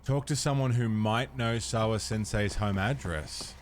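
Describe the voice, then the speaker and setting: A man's voice: on the low side, unhurried, a little hiss or hum. A man streaming a video game, chatting casually with viewers, laid-back and swearing freely. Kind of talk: casual let's-play chat.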